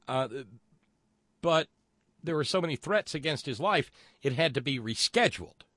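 A man's voice: fairly high pitch, big pitch swings, moderate pace, fairly bright tone, no room sound. A man hosting a political commentary show, sarcastic and mocking as he reacts to clips.

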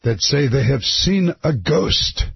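A man's voice: mid-range voice, expressive, vocal fry, husky, dull audio, pitched above the performer's own voice, exaggerated voice. A man voicing a stern Irish priest in a joke, with a put-on Irish accent that slips toward Scottish. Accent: put-on Irish that drifts Scottish. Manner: slow, grave preaching tone.

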